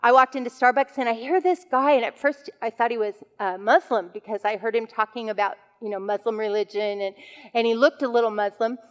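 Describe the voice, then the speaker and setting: A woman's voice: on the high side, a little fast. A woman giving a devotional teaching talk to women, telling stories in a conversational way with fillers. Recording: long hall reverb.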